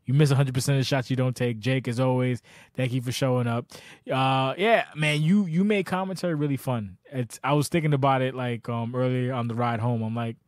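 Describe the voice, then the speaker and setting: A man's voice: mid-range voice, fairly even intonation, brisk, no room sound, clean studio sound. A man hosting a casual podcast, telling long profane stories with lots of restarts. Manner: profane, rambling storyteller. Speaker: podcast host.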